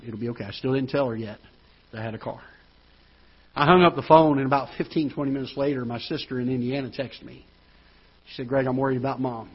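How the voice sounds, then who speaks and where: A man preaching a sermon as pastor, moving from hushed storytelling to loud, rising preaching. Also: mid-range voice, slightly rough. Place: church auditorium. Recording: dull lo-fi church broadcast.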